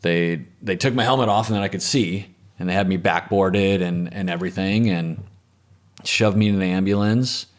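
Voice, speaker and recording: A man as an interview guest, telling a personal story in a reflective, matter-of-fact way that often trails off softly. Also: low voice, moderate pace. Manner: reflective, matter-of-fact, with frequent restarts and trailing soft phrases.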